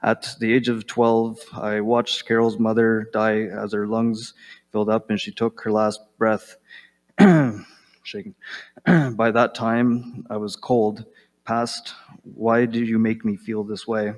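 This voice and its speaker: A man with a fairly low voice reads a personal letter aloud in a flat, steady tone. He goes slowly and deliberately, pausing between phrases and now and then clearing his throat, with long reverb trailing each line. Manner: slow, measured reading with pauses and throat-clearing. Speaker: recovering addict reading his own letter.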